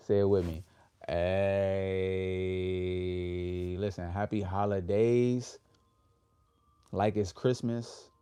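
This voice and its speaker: A man with hosting a motivational livestream, leading affirmations with his audience in an upbeat, drawn-out way. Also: sits low, flat delivery, warm tone, clean tone. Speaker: livestream host.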